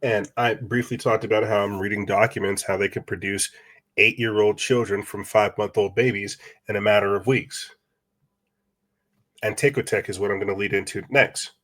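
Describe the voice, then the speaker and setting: A man's voice: fairly low pitch, fairly even intonation, moderate pace, fairly bright tone. A man hosting a podcast, talking in a rambling casual monologue with restarts and rhetorical questions. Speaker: podcast host.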